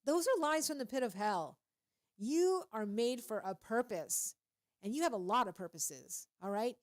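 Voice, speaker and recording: A woman's voice: fairly high pitch, animated, unhurried. A woman hosting a radio show, talking casually and preachily at a studio microphone with a lot of animation and frequent laughter. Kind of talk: casual faith-based radio talk.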